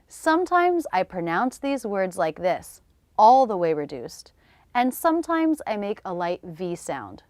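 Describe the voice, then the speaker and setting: Slow, lively-voiced American woman teaching pronunciation. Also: medium pitch, no echo, studio quality. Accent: General American. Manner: slow, over-articulated demonstration of sounds. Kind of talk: scripted pronunciation lesson.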